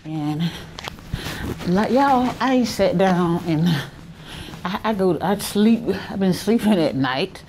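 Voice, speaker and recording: A woman's voice: medium pitch, animated, slow, a little mellow. A worn-out middle-aged woman with a Southern US accent, chatting to her viewers as she walks through a hospital with her phone. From Alabama, US. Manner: chatty, talks straight to viewers while walking. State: tired, worn out. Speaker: vlogger. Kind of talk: casual handheld vlog chat. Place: hospital corridors and rooms, indoors. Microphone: handheld phone. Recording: noisy hospital ambience.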